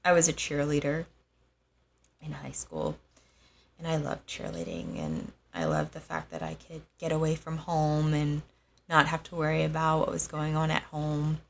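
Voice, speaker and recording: A young adult woman telling a personal story in a halting, soft-spoken way, with frequent pauses. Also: low voice, vocal fry, slight background noise. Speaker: host.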